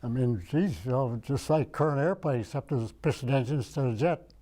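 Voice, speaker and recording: An older man from Michigan, United States, a veteran, speaks in an oral history interview with a mellow, medium-pitched voice at a fairly quick pace. He rambles and searches his memory as he goes.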